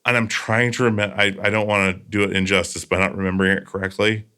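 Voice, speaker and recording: A man with a lowish voice hosts a casual podcast chat. He tells stories earnestly and drifts into loose asides. The sound is a close studio microphone. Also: little pitch movement, quick pace, pushed and bright, smooth. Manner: storytelling, earnest, trailing asides. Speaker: podcast host.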